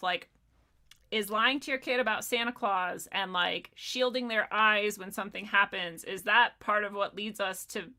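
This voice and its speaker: A woman in her thirties chatting casually on a podcast, animated, laughing and swearing often. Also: medium pitch. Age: 30s. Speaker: podcast host. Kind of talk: casual chat.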